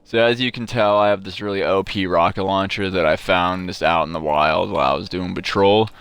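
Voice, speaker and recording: A man's voice: sits low, steady tone, a little fast, a bit bright, smooth, no room sound. A man giving sarcastic, mock-bragging gameplay commentary, profane and rambling. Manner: rambling with frequent restarts. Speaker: gamer commenting on his play.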